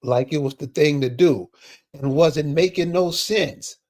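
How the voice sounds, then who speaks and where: Slightly high-voiced man, hesitant. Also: measured pace, darkish tone. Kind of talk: casual discussion.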